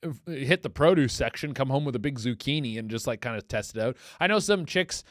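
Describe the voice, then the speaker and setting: A man in his thirties hosting a comedy podcast, rambling crudely and excitably and jumping into silly voices. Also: mid-range voice, fairly quick, no echo, clean studio sound. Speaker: podcast host.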